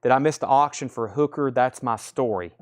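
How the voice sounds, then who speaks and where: A man's voice: mid-range voice, fairly quick. Man rattling off record prices. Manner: rattles off titles and prices, reads out buyer names. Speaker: record seller hosting a live sale. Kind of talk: live sales patter.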